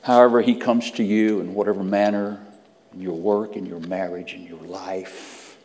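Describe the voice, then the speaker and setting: A low-voiced man preaching a sermon. He drops to hushed whispers, then climbs to loud, emphatic peaks. His voice rings with a long reverb, as in a church sanctuary. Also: fairly even intonation, moderate pace.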